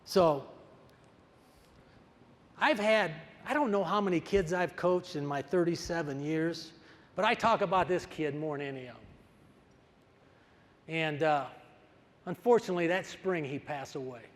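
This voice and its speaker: A man's voice: a little high, a little slow, long pauses. An older man, a wrestling coach, giving a storytelling speech and acting out the dialogue with energy. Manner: animated, acts out the dialogue. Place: large conference hall. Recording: reverberant hall.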